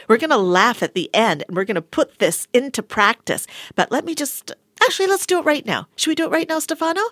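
Breathy woman w/ a highish voice doing a motivational talk, laughs a lot, slips into whispers. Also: a little fast, hardly any pauses, no echo, studio quality. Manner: animated, laughs often, drops into soft whispers. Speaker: wellness speaker. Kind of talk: motivational talk and guided affirmation. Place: studio with a sound engineer.

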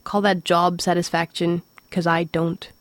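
A woman's voice: fairly low pitch, measured pace, dry recording, lightly acted. A woman reading aloud, voicing a gloomy, depressed male robot who drones wearily. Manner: droning, weary monotone. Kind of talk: audiobook reading.

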